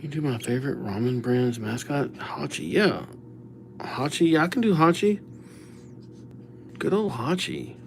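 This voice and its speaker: Slow-talking man chatting on a live stream. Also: medium pitch, animated, creaky, slight background noise. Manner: chatty, reads names aloud, thanks subscribers. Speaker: livestreamer writing viewers' names. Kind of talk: casual live-stream chat.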